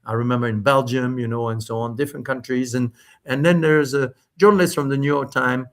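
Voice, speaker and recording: Animated middle-aged man. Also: mid-range voice. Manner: animated, quick bursts with many restarts and fillers. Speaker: spirits company founder, podcast guest. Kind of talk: storytelling in a casual interview.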